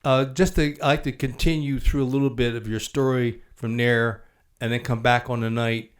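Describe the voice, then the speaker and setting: A man's voice: medium pitch, steady tone, moderate pace. An older man hosting an interview, affably prompting his guest with follow-up questions and added detail. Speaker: podcast host.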